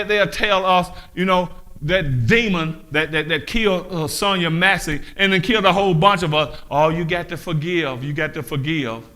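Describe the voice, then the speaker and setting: A male pastor delivering a fiery sermon. His voice sits high and rings bright and forceful. He throws rhetorical questions at the listeners and swells into shouts. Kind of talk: preaching sermon.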